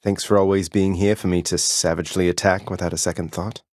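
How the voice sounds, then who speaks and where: Zagreus, a young male prince of the underworld in a video game, voiced by a man. His voice sits very low and is recorded close and dry, with no room around it. He sounds earnest and polite with his elders, but dry and teasing with his friends. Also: level tone, quick pace, a little mellow, no echo, lightly acted. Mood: wry.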